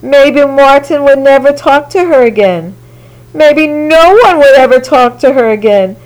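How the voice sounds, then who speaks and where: Slow, expressive woman reading a children's story. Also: high voice, low-quality recording. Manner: slow, expressive and sing-song. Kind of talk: children's picture-book read-aloud.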